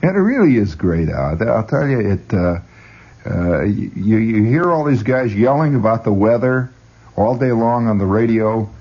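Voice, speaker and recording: Here the same male radio host sounds animated, with a breathy edge to his lowish voice, though he keeps a measured pace. His monologue wanders, full of stammered restarts and chuckled asides, captured in a dull, lo-fi radio recording.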